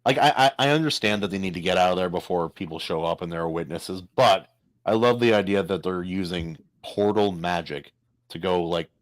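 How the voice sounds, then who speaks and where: A man with a very low, deep voice talks through a comic in a casual podcast. He gets excitable, jumping up in pitch and tripping over restarts. The sound is dry and close. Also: fairly quick, dry recording. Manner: excitable, jumps in with rising pitch, stumbles and restarts. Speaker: podcast co-host.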